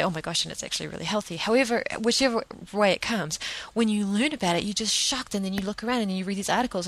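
A woman's voice: mid-range voice, rough recording. A woman telling a personal story in a chatty, rambling way, full of restarts and fillers. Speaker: vegan advocate telling a story. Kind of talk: casual monologue, anecdote.

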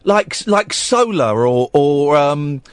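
High, lively-voiced radio phone-in host. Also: male voice, slow, smooth, no room sound. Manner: chatty, mock-stern, rambling. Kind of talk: late-night radio phone-in. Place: radio studio.

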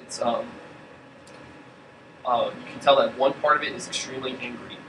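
A man narrating a tabletop game as game master, relaxed and hesitant with lots of fillers, recorded far from the mic in a roomy space with air-conditioner hum. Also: mid-range voice, normal speed.

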